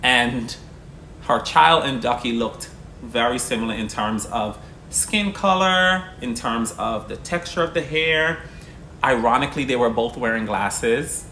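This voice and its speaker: A man's voice: mid-range voice, unhurried, sharp tone, a little hiss or hum. A man, a single father, earnestly telling a personal story to the camera, with many "like" fillers. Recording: echoey room with faint ambience.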